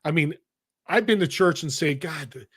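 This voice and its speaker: Animated storytelling man, fairly high voice. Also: normal speed. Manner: animated, addresses the audience directly. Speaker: interview guest. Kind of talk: conversational storytelling.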